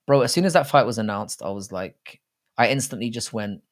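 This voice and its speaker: A man's voice: on the low side, lively intonation, fairly quick. A man hosting a casual live stream, talking in a rambling, jokey and crude way with many restarts. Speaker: livestream host. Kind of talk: casual live-stream chat about fight betting.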